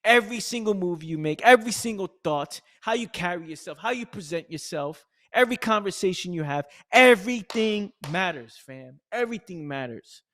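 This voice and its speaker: A man giving an intense, emphatic motivational monologue to camera, repeating phrases and calling the listener "fam", swinging between low murmurs and loud bursts. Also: lively intonation, normal speed, few pauses. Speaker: motivational coach.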